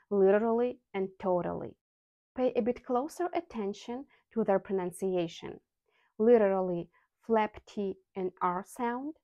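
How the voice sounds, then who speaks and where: A woman who isn't a native English speaker teaches English vocabulary in a scripted lesson, enunciating example sounds slowly and carefully. Her voice is medium-pitched with a dark tone, and the dry recording has its highs cut off.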